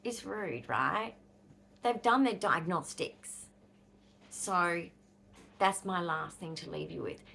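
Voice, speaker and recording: A woman's voice: lowish voice, takes it slowly, gravelly, pauses often, bright, forceful tone, a little hiss or hum. An Australian woman in her fifties, talking bluntly and angrily to camera in a casual vlog, swearing freely. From Western Australia. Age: 50s. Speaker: vlogger.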